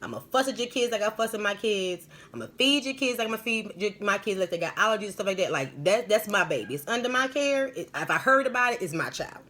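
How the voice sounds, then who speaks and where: Woman, live-stream host, spiritual medium, rambling, emphatic, slangy, lively pitch. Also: fast, hardly any pauses. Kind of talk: live-stream storytelling and advice.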